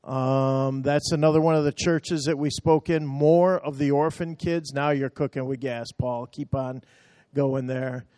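A man's voice: mid-range voice, fairly even intonation, measured pace, few pauses, warm tone, dry recording, studio quality. A man talking a church through slides from a mission trip, chatty and emotional, telling the operator to move on.

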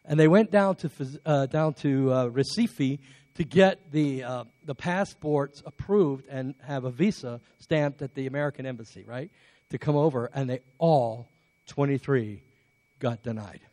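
English-born pastor preaching, halting then forceful. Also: male voice, medium pitch, no echo. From England. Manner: storytelling with many restarts, building to emphatic exhortation. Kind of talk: sermon.

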